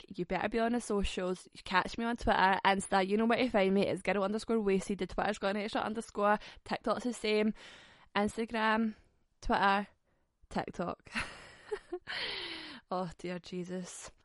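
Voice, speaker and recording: A woman's voice: medium pitch, steady tone, moderate pace, dry recording, clean studio sound. A woman in her twenties hosting a podcast, chatting frankly and swearing, with frequent laughs. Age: 20s. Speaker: podcast host. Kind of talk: casual solo podcast chat.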